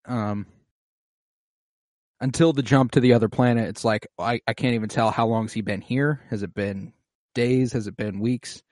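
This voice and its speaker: Animated, profane man recapping an episode. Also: medium pitch, normal speed, no echo, clean studio sound.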